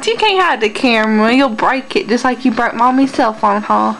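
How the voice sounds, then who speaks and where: A woman's voice: fairly high pitch, expressive, moderate pace, gravelly, a bit bright, a little hiss or hum, poor audio. A mother filming her baby at home, coaxing her in sing-song baby talk.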